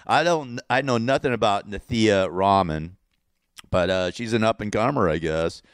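A Californian man with a lowish, smooth voice rambles through a casual rant. He is sarcastic, circles back to repeat himself, and chuckles at his own jokes. The sound is dry and close. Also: normal speed, no room sound. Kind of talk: casual political rant to camera.

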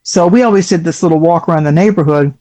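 A woman who is a psychic guest on a show, telling a story casually and acting out other people's voices with big jumps in pitch. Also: quick pace, warm tone.

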